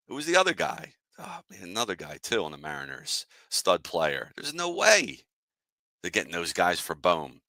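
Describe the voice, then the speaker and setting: Male sports-show host, lowish voice, casual irritated rant, answers live chat. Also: very animated, normal speed, sharp tone, no echo. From Philadelphia area. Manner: annoyed, fired-up, talks to chat viewers.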